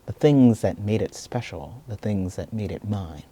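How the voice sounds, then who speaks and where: A man telling a personal story in a reflective, soft-spoken and earnest way. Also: fairly low pitch, expressive, unhurried, husky. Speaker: video essayist.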